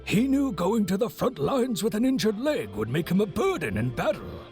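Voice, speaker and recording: A man's voice: high voice, very animated, moderate pace, a little mellow, soft background music. An actor playing a friendly, chatty older male merchant who tells stories in a folksy way in a video game. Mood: storytelling.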